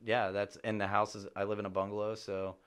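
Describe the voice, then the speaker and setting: A middle-aged man chatting as a podcast guest, an animated storyteller who swears for emphasis and jumps up in pitch when excited. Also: fairly quick, clear, resonant tone. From Chicago area. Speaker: podcast guest, real estate agent. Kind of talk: casual chat.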